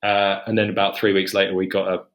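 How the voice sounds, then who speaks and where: A young man with a lowish voice recounts a difficult episode from his life. He keeps backing up to correct himself and tells it candidly as a podcast guest. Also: monotone, fast talker, fairly bright tone. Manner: rambling, self-correcting, emotional retelling. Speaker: guest author. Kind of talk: candid personal storytelling.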